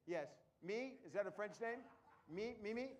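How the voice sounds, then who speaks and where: Performing comedy magic before a live showroom crowd, a man with a light, high voice walks them through each trick in real time. He keeps the quick jokes and audience banter coming with lively intonation, and the sound is lo-fi.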